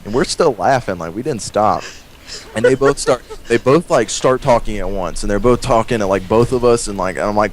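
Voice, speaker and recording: A man casually telling a story, animated and often breaking into laughter, with many "like"s. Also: lowish voice, brisk, a little hiss or hum, rough recording.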